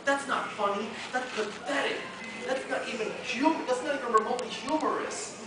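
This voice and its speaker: A man's voice: very high voice, normal speed, pitched above the performer's own voice. A man voicing an arrogant, hot-tempered male comic-book character who sneers and threatens, recorded from afar in an echoey convention hall. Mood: snooty. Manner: sneering, indignant, rising to threats. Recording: echoey convention hall from far off, loud noise.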